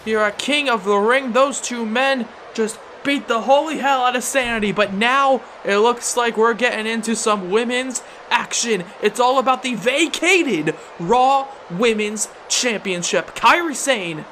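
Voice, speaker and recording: A young-adult host calling a wrestling video game, play-by-play, shouting out the big moves and laughing in disbelief. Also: mid-range voice, measured pace, few pauses, a little hiss or hum. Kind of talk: excited play-by-play commentary.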